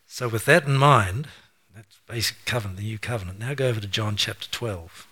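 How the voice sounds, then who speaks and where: A man preaching a sermon, reading scripture aloud slowly and forcefully, then explaining it in quick, casual asides with light chuckles. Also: fairly low pitch. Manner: chuckles between points. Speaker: pastor.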